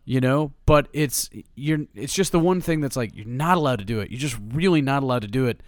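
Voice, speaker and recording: A man's voice: mid-range voice, expressive, brisk, dry recording, studio quality. A man co-hosting a casual sports podcast, chatty and opinionated as he breaks down draft prospects. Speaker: podcast co-host, draft analyst.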